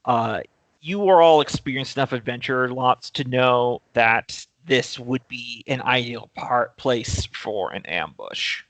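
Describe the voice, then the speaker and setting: Man game master, bright voice, casual and jokey, swears now and then. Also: medium pitch, a little slow, no echo. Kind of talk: running a tabletop game over voice chat.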